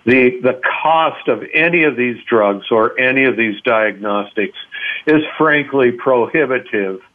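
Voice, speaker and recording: A man's voice: medium pitch, a little slow. A man speaking as a doctor guest in a radio interview, explaining patiently with frequent hesitations. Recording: phone line.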